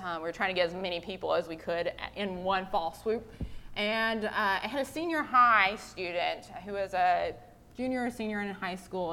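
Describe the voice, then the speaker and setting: Woman preaching in a storytelling way. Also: medium pitch. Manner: conversational, animated storytelling. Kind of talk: sermon with storytelling.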